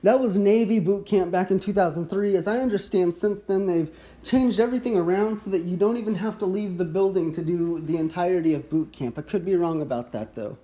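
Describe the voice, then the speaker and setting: Male medical educator in his 30s, mellow tone, measured explanatory delivery. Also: high-pitched. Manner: measured, explanatory, occasional restarts. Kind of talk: recorded teaching overview.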